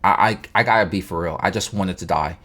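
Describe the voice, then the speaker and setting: A man's voice: low-pitched, quick pace, fairly bright tone. A man telling a casual story time, rambling along with stammered restarts and slang.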